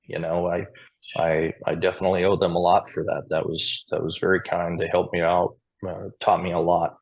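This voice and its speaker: He's a square dance caller from Montana, guesting on a podcast with casual, chatty stories and the odd chuckle. The delivery is flat and moderately paced, in a low voice with vocal fry and a slightly rough edge.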